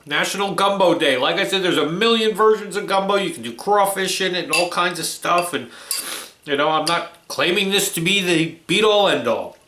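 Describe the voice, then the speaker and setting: A man's voice: sits high, sharp tone. Chatty man in an echoey kitchen. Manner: chatty and easygoing, keeps saying alrighty. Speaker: cooking vlog host. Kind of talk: casual cooking vlog chat. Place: home kitchen.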